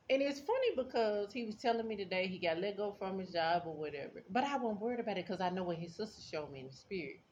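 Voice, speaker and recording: A woman telling a casual storytime to her viewers, blunt and sassy, laughing often as she talks. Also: fairly low pitch. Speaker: vlogger. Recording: dull lo-fi sound with faint background noise.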